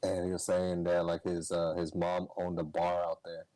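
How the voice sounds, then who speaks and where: A young man on a podcast, casually telling a story, swearing and laughing, his voice jumping high when he gets excited. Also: normal speed, no echo, poor audio. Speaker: podcast co-host.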